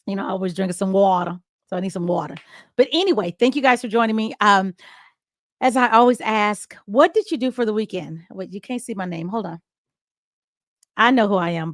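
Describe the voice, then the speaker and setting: A middle-aged woman hosts a live-streamed show from home, talking straight into a close webcam. Her delivery is chatty and loose, full of restarts and laughter, at an ordinary pitch for a woman. The sound is dry, with no room echo. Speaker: host. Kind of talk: casual live-stream chat. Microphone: webcam close to face.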